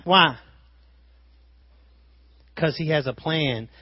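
A man preaching a sermon, swinging between loud emphasis and quiet asides. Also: a little high, moderate pace, long pauses, no room sound, dull audio.

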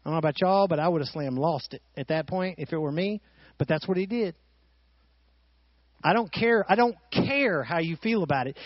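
A man preaching with a high voice, animated and full of rhetorical questions to his listeners. The sound is dry and a bit dull, as if it came off a modest recording. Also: dry recording. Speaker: pastor. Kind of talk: sermon.

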